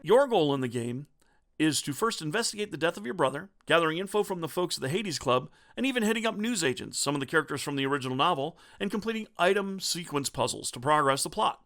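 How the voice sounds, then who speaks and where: Wry man with a gravelly voice. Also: on the high side, expressive, fast, a bit bright. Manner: wry and joking. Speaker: retro game reviewer. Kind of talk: scripted review narration.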